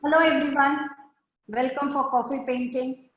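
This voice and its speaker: A woman's voice: sits high, fairly even intonation, moderate pace, a little hiss or hum. A woman teaching an online art class, giving patient step-by-step instructions over a video call. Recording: echoey room on a video call.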